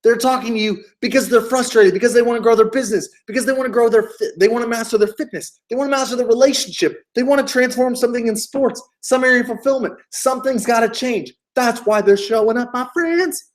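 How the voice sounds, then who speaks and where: A man's voice: very high voice, fast talker, few pauses. A man giving a motivational sales coaching talk, emphatic and hyped, repeating key phrases and swearing freely. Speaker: business coach.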